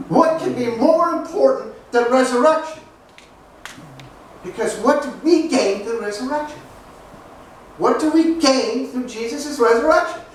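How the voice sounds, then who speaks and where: A male pastor preaching a sermon in a joking, conversational way, asking the congregation questions and answering back. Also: very high voice. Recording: echoey hall picked up from a distance, faint noise.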